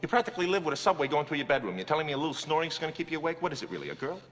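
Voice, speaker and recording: A gruff, middle-aged basketball coach who barks and needles his players sarcastically. His voice is high, lively and bright, and it rings out with a long gym-like reverb on an old TV soundtrack. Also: very fast, muffled recording. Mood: sarcastic. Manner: barking, exasperated, sarcastic. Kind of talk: TV drama acting. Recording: old TV audio with hall reverb.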